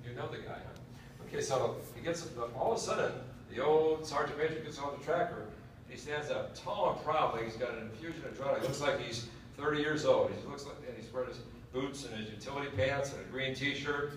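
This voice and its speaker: A man's voice: mid-range voice, a little fast, slight background noise. Folksy man telling a joke in a hall. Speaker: speaker at a military education session. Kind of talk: storytelling lecture. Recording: echoey hall from far off.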